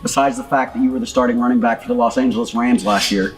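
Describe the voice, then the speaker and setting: A man's voice: medium pitch, fairly even intonation, fast, soft background music. A man co-hosting a casual church talk show, joking and bantering. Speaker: co-host pastor. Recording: distant, reverberant room.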